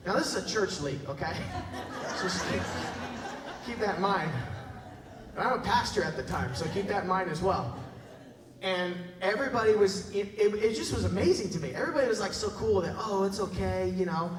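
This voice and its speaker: A pastor with a high voice preaches in a large church hall, and his words ring out with a long echo. He sounds animated and jokey, and he keeps checking in with the congregation. The mic is some distance from him. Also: a little fast. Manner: animated, jokey, talks to the crowd with tag questions. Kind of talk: sermon with storytelling.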